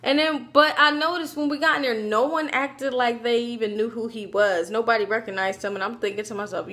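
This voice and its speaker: A woman with a slightly high voice recounts a story straight to her camera. She talks casually and animatedly, slipping into the voices of the people she describes. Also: a little fast, hardly any pauses. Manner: animated, acts out quoted voices, chatty asides. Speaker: vlogger.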